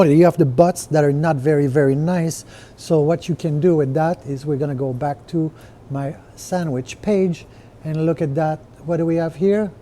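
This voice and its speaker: A podcaster who runs restaurants casually explains his menu via screen share, repeatedly checking "right?" and using plenty of fillers. His voice is fairly high and dark, with slight background noise.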